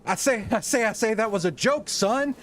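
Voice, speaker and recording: A man voicing a loud, blustering male cartoon rooster with a Southern drawl who keeps repeating himself. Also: high-pitched, expressive, normal speed, pitched above the performer's own voice.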